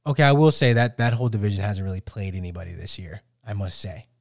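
A man's voice: fairly low pitch, fast, creaky, no echo, clean studio sound. Ranting man talking football. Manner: animated, ranting, many restarts. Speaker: sports podcast co-host. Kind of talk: casual sports banter.

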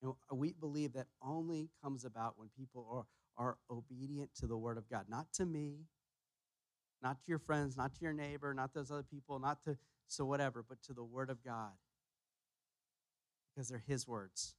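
A man preaching a sermon as pastor, emphatic, repeating his key phrases and pushing louder on each point. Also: mid-range voice, moderate pace, dry recording. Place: church sanctuary.

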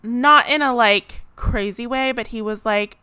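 A woman's voice: a little high, unhurried, sharp tone, clean tone, dry recording. A young woman telling a story in a chatty, dramatic, laughing way. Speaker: vlogger. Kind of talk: casual storytelling.

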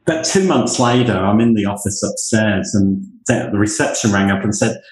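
A man from the United Kingdom, a university leader, telling lively anecdotes in conversation. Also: on the low side, normal speed, reverberant, low-quality recording. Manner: animated anecdotes, acts out quoted voices. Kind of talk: storytelling in conversation.

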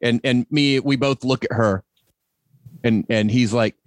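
A middle-aged man chatting as a podcast host, spinning animated family anecdotes. His voice sits in a middle pitch and sounds close and dry, with almost no room around it. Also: measured pace, dry recording. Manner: animated storyteller, acts out quoted voices. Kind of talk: casual chat.

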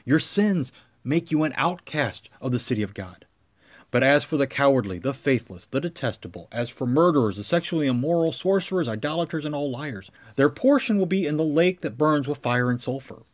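A man preaching a sermon as pastor, with a measured cadence that swells into emphatic lines. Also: a little high, lively intonation.

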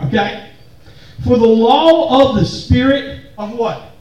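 A man's voice: extremely high pitch, expressive, takes it slowly, darkish tone. A man preaching a sermon to a room full of people, casual and joking, with call-and-response to the crowd. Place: church hall or meeting room with an audience. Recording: very echoey room, mic far off.

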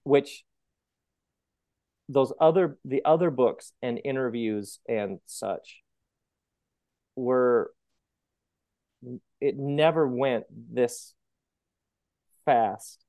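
A man's voice: mid-range voice, extremely slow, long pauses, dry recording, dull audio. Man talking animatedly in a dry room. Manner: animated, acts out quoted voices. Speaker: author guest. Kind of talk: conversational interview.

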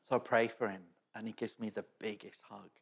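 A man's voice: on the low side, flat delivery, a little fast, vocal fry, echoey room. A middle-aged man preaching a storytelling sermon, chatty and self-mocking and often laughing. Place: church hall.

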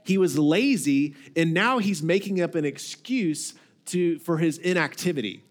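A man's voice: fairly high pitch, measured pace. A male lead pastor giving a conversational sermon, often repeating words and putting questions to the congregation.

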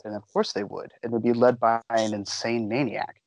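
This podcast co-host's medium-pitched voice stays level at a moderate pace as he chats casually, rambling with enthusiasm and plenty of fillers. There's no room sound, and the recording quality is low.

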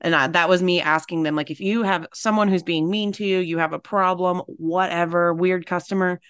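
A young woman co-hosting a podcast in casual chat, upbeat, laughing often and jumping up in pitch. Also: steady tone, a little fast, a bit bright, clear, resonant tone, dry recording, clean studio sound. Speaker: podcast co-host.

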